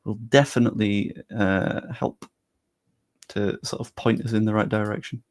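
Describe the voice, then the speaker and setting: A man's voice: lowish voice, fairly even intonation, normal speed, darkish tone. A young man chatting casually and loosely on a live stream, talking straight to his chat with the odd swear.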